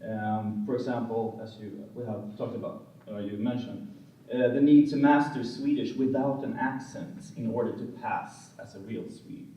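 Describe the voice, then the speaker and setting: A man moderating an academic symposium discussion, speaking in measured sentences with many filler pauses and checking in with "right?". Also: medium pitch, steady tone, warm tone. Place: lecture room. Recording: distant, very echoey room.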